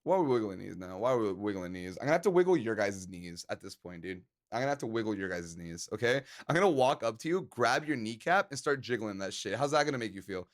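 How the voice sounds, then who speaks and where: A man's voice: on the low side, expressive, fast, few pauses. A man live-streaming and chatting casually with his viewers, joking around and laughing often.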